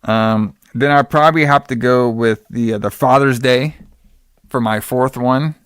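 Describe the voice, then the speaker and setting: Rambling, slangy podcast host, dry close sound. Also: male voice, mid-range voice, unhurried, a bit bright, clear, resonant tone, no room sound. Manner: rambling, slangy, acts out quotes in exaggerated voices. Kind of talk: casual movie recap chat.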